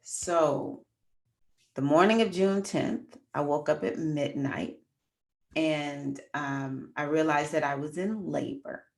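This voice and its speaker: A woman's voice: deep voice, takes it slowly, creaky, darkish tone. A middle-aged woman hosting a casual livestream, chatting with viewers and telling a personal story. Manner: chatty, addresses viewers as y'all. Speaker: astrology livestream host.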